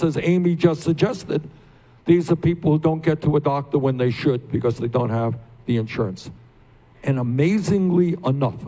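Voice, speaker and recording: A man's voice: mid-range voice, warm tone. An older man speaking at a town hall meeting, emphatic, asking the crowd questions and building to passionate peaks. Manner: addresses the crowd directly with questions. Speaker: candidate hosting a town hall.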